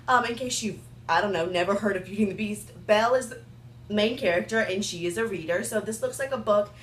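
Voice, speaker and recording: Speaking fast in a mid-range voice, a young female beauty vlogger gives a casual makeup review while fighting the hiccups. She's chatty and rambling, dropping "like" and "um" constantly. The room sounds spacious, with a faint hiss or hum.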